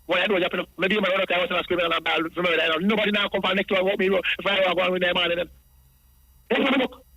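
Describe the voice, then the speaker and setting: A man's voice: high-pitched, steady tone, very fast, bright, forceful tone, dry recording, low-quality recording. A man with a Jamaican accent calling in over the phone, rambling through a long account in patois and repeating himself. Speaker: radio caller.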